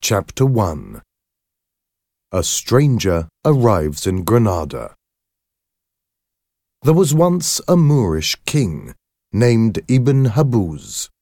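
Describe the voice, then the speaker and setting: Slow, mellow male storyteller. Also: fairly low pitch, dry recording, studio quality. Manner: slow, clear, carefully paced reading. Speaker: narrator. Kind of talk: scripted storybook narration.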